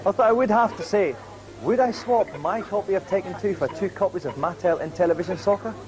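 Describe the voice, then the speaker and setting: A man's voice: high voice, brisk, crowd noise. Jokey young British man reminiscing. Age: 20s. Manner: jokey, self-mocking nostalgia. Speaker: guest presenter. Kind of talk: reminiscing presentation to camera. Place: retro games exhibition in a shop.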